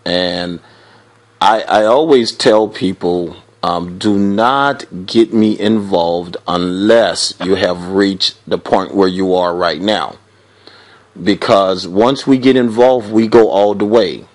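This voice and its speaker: A man hosting a radio talk show, measured and affirming as he answers a caller. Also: deep voice. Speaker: radio host.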